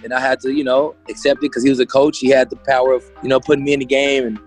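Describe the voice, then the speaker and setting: Ex ball player talking fast and blunt, swears a lot, pretty monotone. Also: male voice, medium pitch, faint music behind. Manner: frank, profane, lots of fillers. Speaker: former basketball player. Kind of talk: candid interview.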